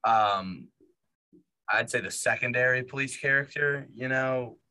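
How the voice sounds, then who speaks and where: A man's voice: mid-range voice, measured pace, bright, forceful tone. A man co-hosting a casual movie podcast, rambling with lots of fillers and restarts. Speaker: podcast co-host.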